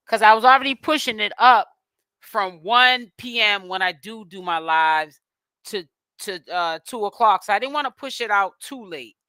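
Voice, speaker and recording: A woman hosting a casual live stream, greeting her viewers one at a time and tripping over their names. Her voice sits high and sounds bright and sharp. The sound is dry and close. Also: smooth, dry recording. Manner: stumbles over names and apologizes. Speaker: livestream host.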